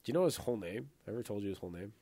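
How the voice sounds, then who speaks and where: A man's voice: lowish voice, animated, racing, warm tone, husky, no echo. A man co-hosting a podcast, telling rambling, profane stories in casual chat, full of fillers. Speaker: podcast co-host.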